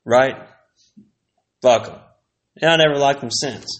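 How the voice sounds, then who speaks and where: A man's voice: mid-range voice, unhurried. Laid-back man rambling on a podcast. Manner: rambling, profane, laid-back, sipping whiskey. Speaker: podcast host. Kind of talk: casual solo podcast reminiscing.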